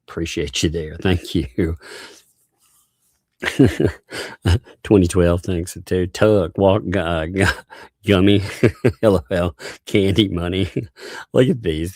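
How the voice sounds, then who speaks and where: Low, gravelly man reading out live chat. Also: takes it slowly, long pauses, darkish tone, no echo, studio quality. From United States. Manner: laughs often while thanking viewers by name. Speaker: livestream host. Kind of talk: casual livestream chat reading out super chats.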